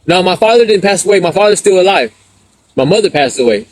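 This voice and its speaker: A man's voice: high-pitched, lively intonation, fast. A middle-aged man from San Diego, chatting on a live stream, reading out viewer comments and telling stories in street slang while laughing often. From San Diego, USA. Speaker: livestreamer reading chat. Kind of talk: casual live stream chat.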